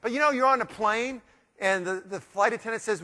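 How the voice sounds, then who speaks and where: A man giving a live motivational keynote, playful and animated, acting out quoted voices as he works the room. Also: high-pitched, a little fast. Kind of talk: live keynote speech with audience interaction. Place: large hotel conference room. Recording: long hall reverb in a big room.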